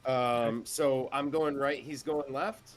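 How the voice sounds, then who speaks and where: A man's voice: medium pitch, fairly even intonation, slow pace. A man playing a tabletop game in a casual, joking way. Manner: joking, playful. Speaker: player.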